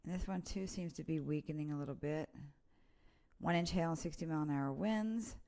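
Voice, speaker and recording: Low gravelly-voiced woman giving weather updates. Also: brisk, dark tone. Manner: chatty and informal, reading place names off radar. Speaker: weather presenter. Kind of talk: casual live weather update.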